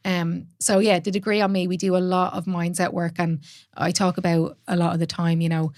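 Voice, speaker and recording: A woman's voice: fairly low pitch, flat delivery, brisk, darkish tone, dry recording, studio quality. A woman in her thirties with an Irish accent, hosting a podcast as a fitness coach, talking candidly in casual chat, swearing freely and laughing often.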